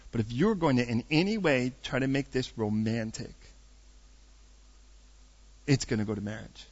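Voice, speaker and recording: A man's voice: medium pitch, normal speed, dull audio, voice pushed down, natural voice. A man playing a blunt, no-nonsense young woman laying down terms.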